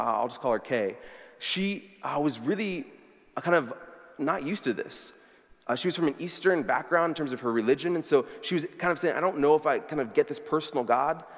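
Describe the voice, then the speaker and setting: Young guy preaching, kinda high voice, super casual with lots of likes, big church reverb. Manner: casual, conversational, many "like" fillers. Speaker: pastor. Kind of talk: sermon. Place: church sanctuary. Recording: long hall reverb.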